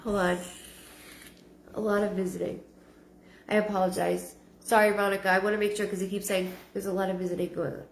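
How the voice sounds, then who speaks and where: A woman giving a live-streamed psychic reading, halting and repeating her words with frequent ums. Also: mid-range voice, flat delivery, slight background noise. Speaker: psychic medium. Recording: roomy echo.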